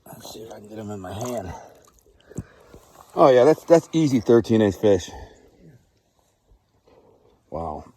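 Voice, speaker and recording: A man, talking casually to camera outdoors by a river, excited and rambling, often repeating himself. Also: on the low side, a little slow, pauses often, a little hiss or hum. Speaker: vlogger. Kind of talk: casual outdoor vlog narration.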